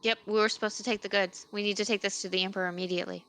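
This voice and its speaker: A woman's voice: medium pitch, fairly even intonation, very fast, a bit bright. A woman playing a tabletop game, insistent and repeating her point. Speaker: player. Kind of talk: casual tabletop play.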